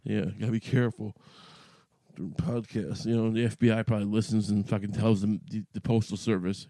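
A man's voice: fairly low pitch, fairly even intonation, moderate pace, warm tone, no echo. A man hosting a podcast, talking in a rambling, profane monologue full of restarts and asides. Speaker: podcast host.

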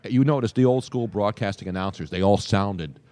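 A man's voice: lowish voice, fairly quick, dark tone. Older male sports radio host, broadcast diction. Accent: trained neutral broadcast, faint Philadelphia. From USA, South Philly. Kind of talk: casual radio show chat.

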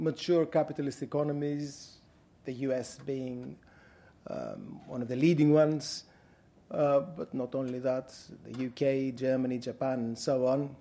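A man with a Greek accent giving an academic lecture at a university, measured and deliberate with frequent pauses. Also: medium pitch, warm tone. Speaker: guest lecturer.

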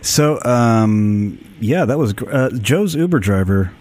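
A man's voice: medium pitch, expressive, takes it slowly, a crowd in the background. A man hosting a live podcast, talking in loose, joking banter with a crude streak. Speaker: podcast host.

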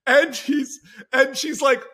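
A man on a podcast as a guest screenwriter, chatting casually in an excited, rambling way. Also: very high-pitched, slow. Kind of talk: casual chat.

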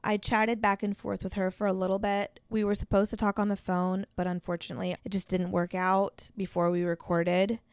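A woman co-hosting a podcast in casual chat, reacting with quick exclamations and jokes. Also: mid-range voice, flat delivery, smooth, no room sound, clean studio sound. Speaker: podcast co-host.

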